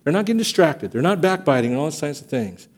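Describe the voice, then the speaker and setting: A man preaching a sermon as pastor of a church, telling stories and acting out quotes with lively energy. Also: fairly high pitch, quick pace. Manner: animated storytelling, acts out quotes. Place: church sanctuary.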